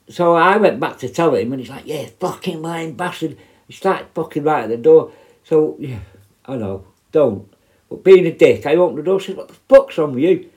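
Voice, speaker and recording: A man's voice: medium pitch, darkish tone. A middle-aged man, telling prison stories in a blunt, sweary, rambling way. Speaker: former prison officer. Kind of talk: casual storytelling.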